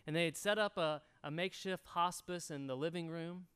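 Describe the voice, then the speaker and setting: A pastor preaching an earnest sermon that swells loud and then drops soft. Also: male voice, a little high, fairly quick, smooth.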